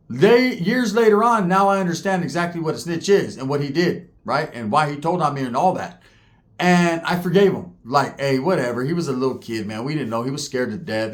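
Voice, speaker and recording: A man in his forties from California, telling street stories in a casual, profane way with heavy slang. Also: fairly high pitch. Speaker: storyteller host.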